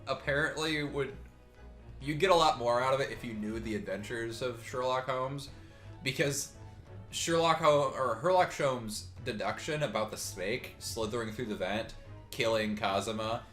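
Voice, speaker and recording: A man in his own voice, chatting casually while playing a story game, joking and cursing as he rambles along. His pitch sits in the middle range, with faint music behind him. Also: moderate pace, fairly bright tone. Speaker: let's play host. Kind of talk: casual gaming commentary.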